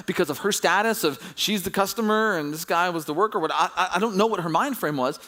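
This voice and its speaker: A man delivers a sermon in a relaxed, chatty way, circling back over his words. His voice sits a little high for a man. He swells in pitch and volume when he drives his point home. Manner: conversational storytelling with animated emphasis.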